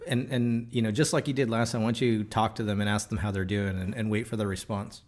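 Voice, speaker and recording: Joking, animated male podcast host. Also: on the low side, fast talker. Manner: animated, jokey, frequent restarts and fillers. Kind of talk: casual podcast chat.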